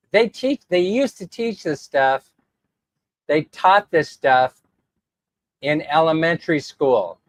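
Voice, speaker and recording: A man's voice: on the high side, no echo. A man rambling in a casual livestream chat, laughing often as he answers viewers. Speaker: vlogger reading live chat.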